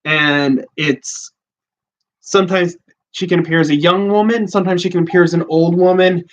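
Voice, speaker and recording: A man hosting a livestream in a loose, rambling way, full of ums and likes. His voice sits a bit high for a man. The sound is dull and lo-fi. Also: steady tone, moderate pace. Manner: chatty, rambling with many fillers. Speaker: podcast host. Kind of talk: casual livestream talk.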